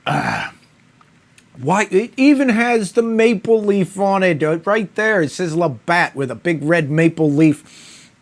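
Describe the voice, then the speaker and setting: A man's voice: high-pitched, expressive, slow. A man reviewing a beer in a casual, rambling monologue, mock-outraged and profane.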